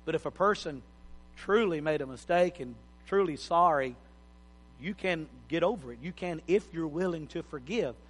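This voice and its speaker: A man's voice: on the high side, expressive, moderate pace. A middle-aged man preaching a sermon in a folksy, joking, plain-spoken way. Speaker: pastor. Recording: hall reverb.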